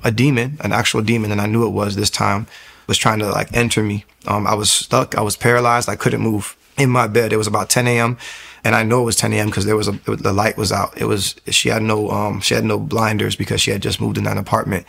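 A man's voice: on the low side, little pitch movement, quick pace, creaky, fairly bright tone. A young man giving a candid, earnest personal testimony, often stopping and restarting his sentences.

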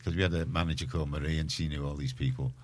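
A man's voice: a bass voice, steady tone, very fast. A man with a Liverpool accent presenting a community radio show, chatting casually in a rambling, self-mocking way. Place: radio studio.

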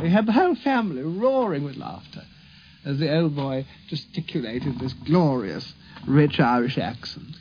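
A man's voice: on the high side, lively intonation, moderate pace, a little hiss or hum. A man fondly recalling childhood visits in an anecdotal, storytelling way. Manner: warm, fond storytelling. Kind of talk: archival reminiscence. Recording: dull lo-fi archive recording.

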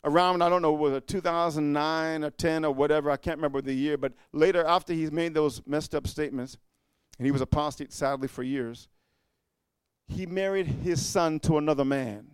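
A man preaching a fiery sermon, repeating "amen" and swinging from low muttering to shouting. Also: steady tone, moderate pace, clean tone, dry recording. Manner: repetitive call-and-response, frequent "amen".

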